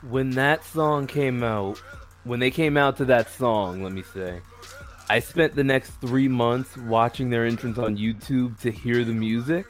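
A man's voice: mid-range voice, measured pace, soft background music. A man who is a guest on a podcast, chatting casually and saying "like" often. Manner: relaxed, uses "like" a lot.

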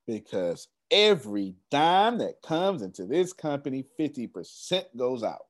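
A man presenting on an online meeting call, excitable and casual, repeating himself for emphasis. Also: medium pitch, unhurried. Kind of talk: animated motivational pitch.

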